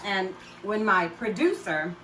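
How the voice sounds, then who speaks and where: An older woman chatting casually to camera in her home kitchen, talking warmly and laughing often as she makes juice. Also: mid-range voice, lively intonation, slow pace. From United States. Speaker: home juicing vlogger. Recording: roomy kitchen, mic at a distance, loud appliance noise.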